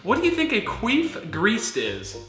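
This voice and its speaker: A man's voice: high voice, wildly swooping pitch, measured pace, fairly bright tone. A man in casual comedic chat, playfully reading out slang terms and teasing his friend. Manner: playful, teasing, reads text aloud. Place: home room with dogs. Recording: echoey room with faint music.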